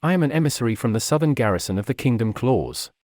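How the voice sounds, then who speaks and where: A man's voice: medium pitch, expressive, quick pace, a little mellow, no room sound, lightly acted. A humble, nervous monk pleads earnestly with his captors, voiced by a man reading a storybook. The sound is dry and close. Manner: earnest, troubled.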